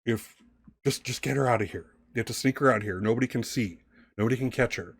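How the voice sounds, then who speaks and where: A man's voice: mid-range voice, quick pace, slightly rough, dry recording, clean studio sound. A man voicing a scared young man in his twenties who is being hunted and pleads urgently for help.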